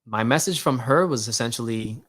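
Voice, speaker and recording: A man hosting his own show, telling a casual spiritual story in a slangy, animated way and acting out both sides of a conversation. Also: medium pitch, a little fast. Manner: casual slangy talk, many "like" and "yo" fillers. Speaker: host.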